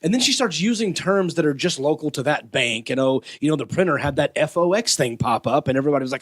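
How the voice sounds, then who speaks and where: A man from Texas is a guest on a podcast, telling stories with animated energy. His voice sits a little high and swings widely. He chats in a loose, casual way. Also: fast, hardly any pauses. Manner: animated storyteller. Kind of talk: casual chat.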